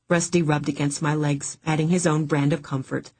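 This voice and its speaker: A woman narrating a first-person audiobook in a steady, even reading. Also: low voice, a little fast, hardly any pauses, slightly rough.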